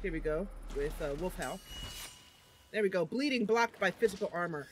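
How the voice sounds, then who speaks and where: A woman's voice: on the low side, expressive, moderate pace, slight background noise. A woman streamer narrating a game roleplay in a giggly, rambling way.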